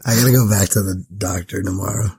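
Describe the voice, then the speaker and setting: A sick man with a hoarse, raspy voice, self-mocking and crude, co-hosting a casual comedy podcast. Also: low-pitched, steady tone, fast talker, dark tone, no echo. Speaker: podcast co-host.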